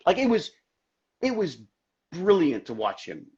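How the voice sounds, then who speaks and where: A middle-aged man chats as a guest in a casual interview, rambling and excitable, restarting his sentences. His voice is fairly high and husky. The call audio is muffled and lo-fi. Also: unhurried.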